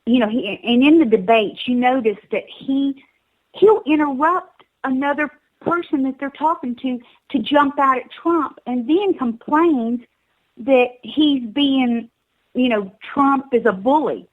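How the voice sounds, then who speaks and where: A woman's voice: sits high, unhurried, narrow, tinny audio. A woman with a Southern US accent calling in to a talk show. She urges listeners emphatically and often stumbles and repeats her words.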